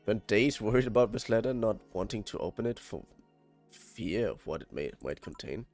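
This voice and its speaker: A man's voice: on the low side, lively intonation, moderate pace, a little mellow, soft background music. A man with a German accent reading game dialogue aloud on a stream, tripping over words and swearing when annoyed.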